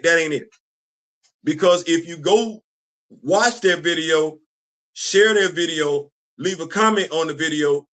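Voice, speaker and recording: A middle-aged man hosting a casual livestream chat, animated and laughing often as he answers his audience. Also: a little high. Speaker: host.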